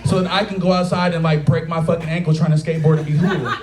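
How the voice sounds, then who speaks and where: High-voiced man doing stand-up in an echoey bar. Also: fast talker. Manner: profane, animated storytelling with acted-out quotes. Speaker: stand-up comedian. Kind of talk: stand-up comedy set. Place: taproom stage with a live audience. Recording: echoey bar room with loud crowd laughter.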